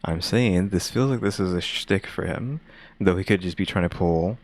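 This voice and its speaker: A man with a very low voice joins a casual chat. He sounds skeptical and thinks out loud as he talks. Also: normal speed. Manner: skeptical, musing aloud.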